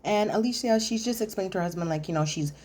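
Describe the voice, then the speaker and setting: A woman's voice: mid-range voice, fast talker, a little mellow. A woman hosting a chatty, sassy recap of a reality TV episode, talking straight to her viewers. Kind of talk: casual episode recap commentary.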